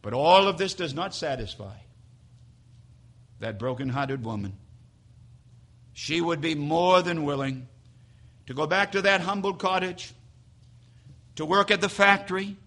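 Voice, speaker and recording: A male pastor preaching a dramatic sermon in a church sanctuary, swinging from hushed to loud as he tells a story. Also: a little high, a little slow, pauses often.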